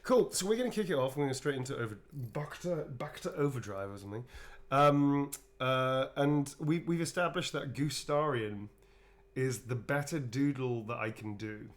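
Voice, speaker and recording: Tired man, casual stream chat, rambling, playful, middle pitch. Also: expressive, moderate pace. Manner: rambling, playful, swears casually, calls viewers darlings. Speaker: actor drawing requested sketches for viewers.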